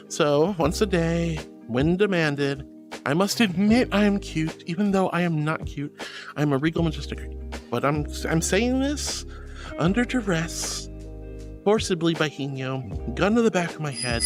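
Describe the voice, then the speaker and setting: A woman streamer chatting casually with her live chat, reading messages aloud with playful mock indignation. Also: lowish voice. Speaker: VTuber streamer.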